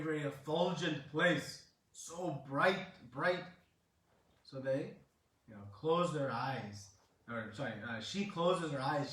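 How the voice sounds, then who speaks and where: A man's voice: mid-range voice, fairly bright tone, far from the mic. A man giving a devotional talk, retelling a scripture story with many fillers and rising to dramatic emphasis. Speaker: preacher. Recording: echoey room, speaker away from the mic.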